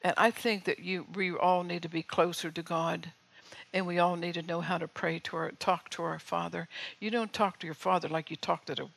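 A woman's voice: on the low side, fairly even intonation, moderate pace, vocal fry, fairly bright tone, low-quality recording. An older woman preaching a sermon in a conversational way, often checking in with her listeners.

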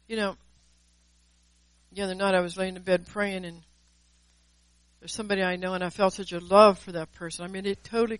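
An earnest woman delivers a devotional sermon with a mid-range voice. She presses her points home by repeating key words. Her voice sounds close and dry, with no room echo. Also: medium pitch. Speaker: preacher. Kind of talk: devotional sermon with personal testimony.

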